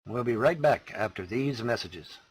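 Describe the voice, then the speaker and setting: A man's voice: mid-range voice, lively intonation, moderate pace, husky, dry recording. A man brushing off critics in a mocking, profane way.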